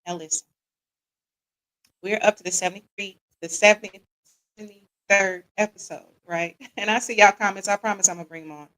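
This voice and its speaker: An American woman hosts a live-streamed relationship talk show, chatty as she greets viewers by name and tags her lines with a repeated "right?", using casual Southern-leaning slang like "y'all". Her medium-pitched voice is fairly bright, with a steady tone and normal speed, on a rough recording.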